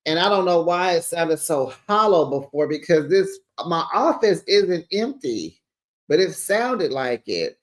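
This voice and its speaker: A man's voice: on the high side, big pitch swings, unhurried. A middle-aged man chatting through a reality TV recap in a gossipy way, talking into a screened studio microphone in his home office. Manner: chatty, gossipy, calls viewers child and besties. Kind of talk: casual recap commentary. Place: home office with sound panels, door closed. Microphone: studio microphone with pop screen.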